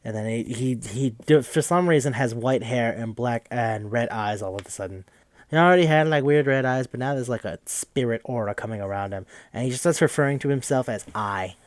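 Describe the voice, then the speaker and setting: A young man casually recapping a video game for a podcast, rambling, swearing freely and tossing in quick mocking quotes of the characters. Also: mid-range voice, dry recording. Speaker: podcast host.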